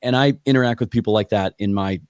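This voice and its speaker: A man hosting an interview podcast, telling a story in a quick, friendly manner. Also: on the low side, clean tone, no room sound, studio quality. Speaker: podcast host. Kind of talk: casual interview chat.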